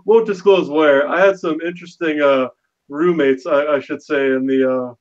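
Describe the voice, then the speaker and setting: A man's voice: fairly high pitch, moderate pace. A man in casual chat, telling joking stories and swearing now and then. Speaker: podcast co-host. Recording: dull lo-fi sound.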